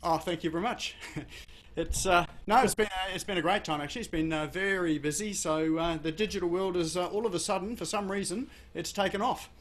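Aussie male webinar host on a video call, light high voice, rambling friendly filler-heavy chat. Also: a little fast, a bit bright. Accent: Australian. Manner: hesitant, many fillers.

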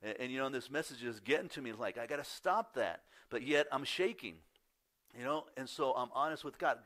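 A man preaching a sermon as pastor. He reads scripture, then talks in a candid, conversational way, his voice rising when he gets excited and dropping soft on key points. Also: mid-range voice, fairly quick. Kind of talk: sermon, scripture reading and personal story.

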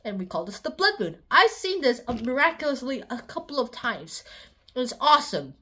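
Playful high-voiced woman explaining science. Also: very animated, normal speed, sharp tone, breathy edge. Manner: playful, jumps into sung bits and silly voices. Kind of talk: playful educational video narration.

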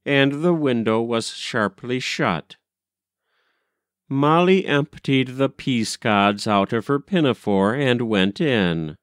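A man reading a classic children's story aloud in a measured, expressive storytelling manner. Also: medium pitch, no echo, studio quality. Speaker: audiobook reader. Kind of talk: storybook narration.

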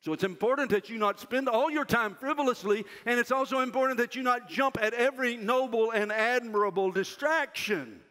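Older male chapel speaker, forceful and high-pitched, preaching emphatically in a reverberant hall. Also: a little fast, hardly any pauses. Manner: loud, emphatic preaching that drops to a soft, self-mocking aside. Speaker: university president speaking at chapel. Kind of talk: chapel sermon to students.

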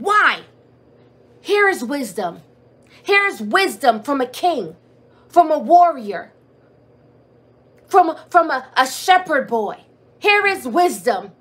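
A woman with a bright, high voice preaches with fervor. She drives her message through repeated phrases and pointed rhetorical questions as she leads a prayer service. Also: sing-song, takes it slowly, long pauses. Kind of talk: sermon. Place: church or streamed prayer service.

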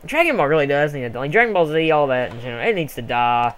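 A young man casually commenting on a sports video game he is playing, rambling and excitable with sudden yells. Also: fairly high pitch, fast, clear, resonant tone. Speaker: gameplay commentator. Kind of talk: casual let's play commentary.

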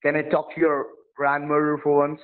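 A man's voice: fairly high pitch, completely flat delivery, fairly quick. A man playing a support agent on a phone call, pushy and threatening, repeating his demands over and over. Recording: tinny phone line.

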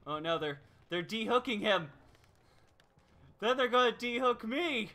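A man's voice: high-pitched, animated, a little slow, pushed and bright. A man streaming a video game, giving playful, chatty commentary and laughing often.

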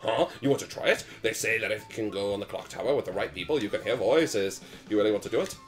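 A man voicing an old male storyteller with a put-on British accent, telling a legend in a hushed, mysterious way. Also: on the low side, fast, faint music behind, voice pushed down, close to an everyday voice. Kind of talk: reading game dialogue aloud.

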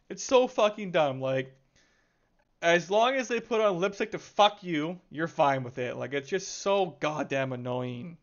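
A gaming video creator delivers a profane, angry rant about a game, exasperated, swearing constantly and sighing heavily. His voice is a little high and animated at a moderate pace, with lo-fi sound.

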